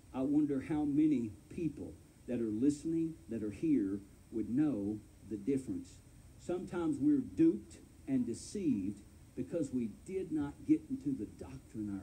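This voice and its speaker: A man's voice: mid-range voice, dark tone, husky, low-quality recording. A man preaching an earnest, folksy sermon to his church as its pastor. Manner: earnest, folksy preaching, addresses listeners as friend. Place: church sanctuary.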